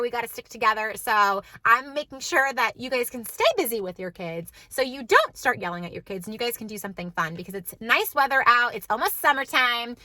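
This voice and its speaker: A woman's voice: on the high side, sharp tone, no echo. A woman in her thirties, a mom vlogger talking chattily and emphatically to her viewers from her car. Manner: bubbly, emphatic, conversational. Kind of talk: chatty vlog talk to camera.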